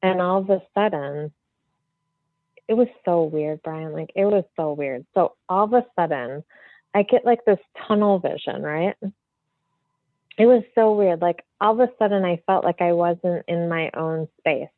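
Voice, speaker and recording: A woman's voice: fairly low pitch, a little slow, no echo. Chatty woman medium on a tinny line. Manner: animated, free-flowing, many fillers like "like" and "you know". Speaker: medium, podcast guest. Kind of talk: casual storytelling in an interview. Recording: tinny phone-like line, dry.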